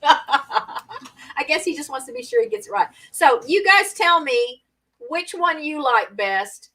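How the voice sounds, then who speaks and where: A woman's voice: sits high, sing-song, normal speed, sharp tone, recorded from a distance, poor audio. A woman hosting a casual live-stream party game, chatty and laughing often as she reads out viewer comments.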